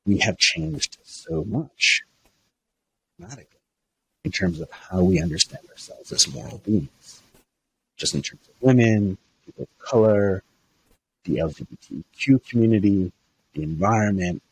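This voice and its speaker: Low husky-voiced man, halting and reflective. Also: animated. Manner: halting, many restarts and fillers, thoughtful. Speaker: minister, interview guest. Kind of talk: reflective conversational interview.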